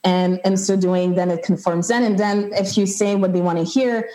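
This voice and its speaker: A woman speaking thoughtfully in a panel discussion, often pausing with "like.". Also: mid-range voice, steady tone, warm tone, low-quality recording. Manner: thoughtful, frequent "like" fillers.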